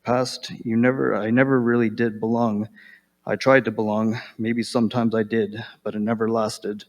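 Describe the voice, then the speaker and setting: Low, even-voiced man reading slowly. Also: in a large hall, muffled recording. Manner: slow, measured reading with pauses and throat-clearing. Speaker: recovering addict reading his own letter. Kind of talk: reading a personal letter aloud.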